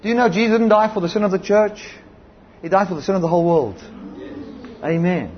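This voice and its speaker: A man's voice: sits high, a little fast. A man with a South African accent preaching a sermon, telling stories with emphasis and saying amen and hallelujah. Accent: South African English. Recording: slightly dull lo-fi recording with faint background noise.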